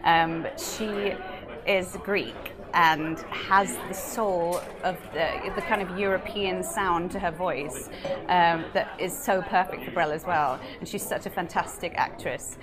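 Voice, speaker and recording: A young British woman, a musical theatre actress, chatting in an interview in a bubbly way and laughing often. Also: on the low side. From England. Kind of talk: casual interview chat.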